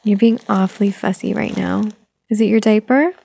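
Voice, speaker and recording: Soft-spoken woman in mommy role-play, dark and creaky. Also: mid-range voice, fairly even intonation, normal speed. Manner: gentle, soothing, speaking to a toddler.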